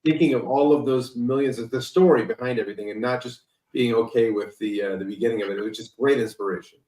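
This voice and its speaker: A man's voice: medium pitch, fast talker, darkish tone. A man co-hosting a casual chat, joking in loose banter. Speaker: co-host. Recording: echoey room.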